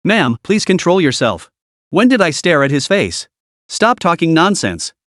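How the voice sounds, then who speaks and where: A man's voice: on the high side, very animated, unhurried, fairly bright tone, no room sound, clean studio sound. A man voicing a firm young policewoman. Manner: polite, firm. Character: composed young female traffic police officer.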